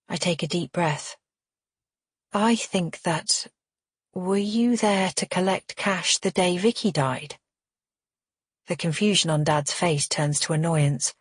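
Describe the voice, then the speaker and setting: Husky low-voiced woman narrating a thriller. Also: unhurried, dry recording, studio quality. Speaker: audiobook narrator. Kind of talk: scripted first-person thriller narration.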